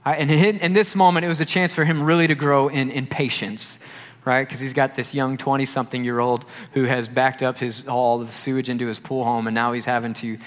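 A young adult man, a youth pastor, preaching a sermon and telling a personal story with animated delivery, acting out the voices of the people he quotes. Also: mid-range voice, a little fast. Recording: long hall reverb.

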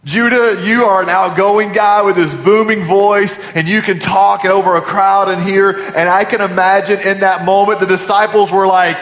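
A man preaching a sermon, his voice sitting fairly high for a man. He poses question after question to the congregation and sinks to a hushed tone on key points. The sound rings out with long reverb, as in a church sanctuary. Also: steady tone, normal speed, few pauses. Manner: preaching with rhetorical questions, dropping to quiet emphasis. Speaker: pastor.

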